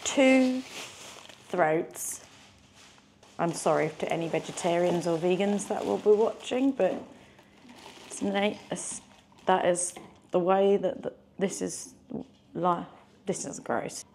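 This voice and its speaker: Slow and given to long pauses, this woman's voice is lowish with a darkish tone, and there's a little background noise. She's a vlogger casually chatting about her day in a bubbly, self-mocking manner, moving between shops and an office.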